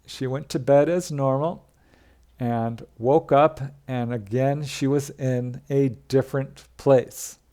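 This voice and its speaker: A man telling a witness's UFO encounter in a plain, conversational storytelling way, pausing with the odd filler. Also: mid-range voice, steady tone, dark tone. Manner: plain retelling with fillers, quoting witnesses in his own voice. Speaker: narrator of UFO encounter stories. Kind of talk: storytelling narration.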